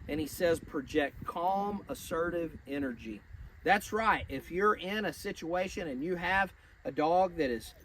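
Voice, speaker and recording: A man teaching dog training beside a pond, explaining steadily and then cheering and praising the dog. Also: sits high. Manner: coaching, turning into loud cheering and praise for the dog. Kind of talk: outdoor dog training lesson. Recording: distant mic with loud outdoor noise.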